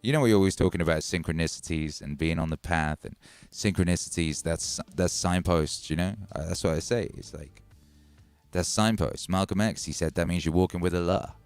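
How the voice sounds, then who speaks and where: A man from Wales with a Midlands accent touched by Welsh, hosting a casual livestream, animated and swearing freely, repeating lines for emphasis. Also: sits low, a little fast, smooth, soft background music. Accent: English Midlands with a Welsh tinge. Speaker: music producer hosting a livestream.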